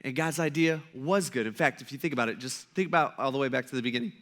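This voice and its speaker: In a church sanctuary, a pastor in his thirties gives a sermon at medium pitch, a quick pace and a fairly bright tone. His delivery is joking and self-mocking, full of stories about his own family.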